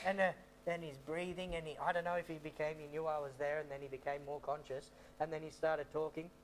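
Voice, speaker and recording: In this storytelling testimony, a high-pitched male missionary rambles, repeats himself and leans on many fillers. A slight hiss or hum runs under the audio.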